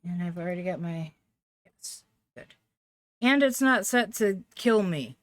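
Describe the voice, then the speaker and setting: A woman's voice: lowish voice, expressive, moderate pace, no echo. A woman chatting casually and rambling through side remarks while live-streaming a game from home. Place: at home with a dog. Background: game music with cello and violin.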